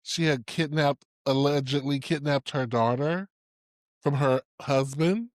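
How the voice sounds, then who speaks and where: A slightly high-voiced man speaks a little slowly in a studio-quality recording free of room sound. He co-hosts a podcast in a relaxed, chatty way, telling animated stories punctuated by lots of laughter.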